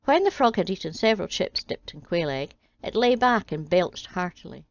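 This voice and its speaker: A woman's voice: fairly low pitch, very animated, normal speed, dry recording, dull audio. A woman reading a comic fairy tale as a storyteller, with a dry, wry delivery.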